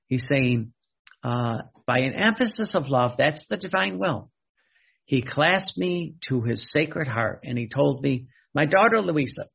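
A man's voice: on the high side, creaky, breathy edge. A man preaching a sermon, repeating questions and restarting phrases as he teaches. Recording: dull lo-fi recording.

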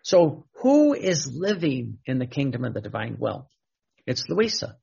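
A man's voice: medium pitch, big pitch swings, a little slow, vocal fry, darkish tone, breathy edge. A man preaching a sermon, repeating questions and restarting phrases as he teaches. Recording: dull lo-fi recording.

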